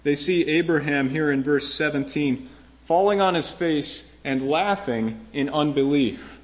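A man's voice: on the high side, measured pace. A male pastor preaching a sermon to his congregation, earnest and emphatic, often repeating phrases and lifting his voice when he quotes a promise.

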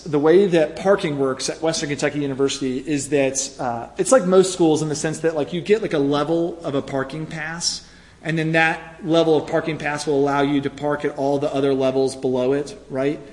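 A man's voice: on the high side, steady tone, normal speed, darkish tone. A man preaching a conversational sermon, telling a story with lots of "right?" asides and fillers. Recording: reverberant hall.

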